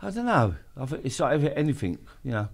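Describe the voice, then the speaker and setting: A middle-aged man in a blunt, casual chat. He swears freely and breaks off mid-thought before circling back. His voice sits at an ordinary pitch for a man. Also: very animated, quick pace, gravelly. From London, England. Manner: blunt, swears a lot, trailing restarts. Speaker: guest.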